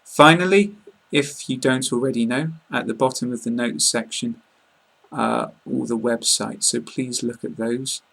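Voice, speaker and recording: In an online lesson, a male English teacher with a southern English received-pronunciation accent explains pronunciation to learners. His mid-range voice is strongly gravelly and somewhat husky. He talks calmly and plainly in an even, flat tone, with frequent ums and uhs filling his pauses.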